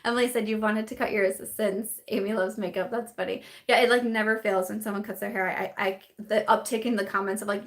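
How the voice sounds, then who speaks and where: A woman in her late twenties or thirties hosting a casual beauty live stream, chatting loosely and reading viewer comments aloud. Her voice sits at an ordinary middle pitch for a woman, and her talk wanders, full of fillers and restarts. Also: steady tone, brisk, few pauses. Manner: chatty and rambling, with many fillers and repeated restarts.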